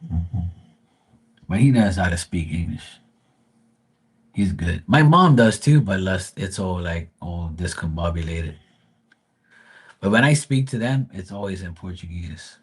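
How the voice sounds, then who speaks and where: A man's voice: low-pitched, animated, measured pace, pauses often, breathy edge. A man hosting a live stream, telling rambling, profane family stories in casual chat.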